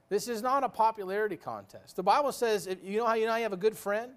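A man's voice: sits high, lively intonation, brisk. A man preaching a sermon in a folksy, joking way, full of rhetorical questions.

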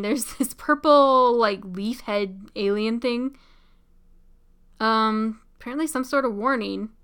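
Brief: young woman, unhurried reaction commentary, bright and crisp tone, giggly and excitable. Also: fairly high pitch. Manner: chatty, giggly, excitable, many "like" fillers. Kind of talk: casual live reaction commentary.

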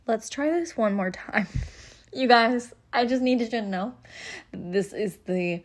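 A woman's voice: on the high side, measured pace. A woman hosting a casual solo podcast, frustrated and close to tears, rambling with many ums and self-deprecating laughs, recorded on an iPhone. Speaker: podcast host.

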